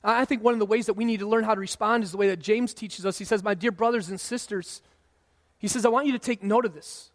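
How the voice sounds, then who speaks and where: A man in his thirties preaching a sermon in a relaxed, conversational way, sometimes acting out what people say. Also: high voice, fast. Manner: conversational preaching, acts out quoted voices. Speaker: pastor. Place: church sanctuary. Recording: long hall reverb.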